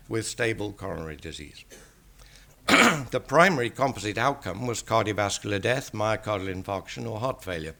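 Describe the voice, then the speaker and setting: An older English man, a statistician, giving an academic lecture in a measured, dryly wry manner. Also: lowish voice, fairly bright tone.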